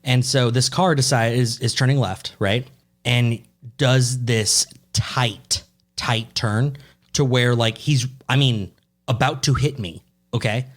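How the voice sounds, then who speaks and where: A young adult man co-hosts a casual podcast and rants through his stories with plenty of swearing. His voice sits at a middle pitch for a man. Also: steady tone, slow pace. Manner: profane, ranting storyteller. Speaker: podcast co-host. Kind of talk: casual chat.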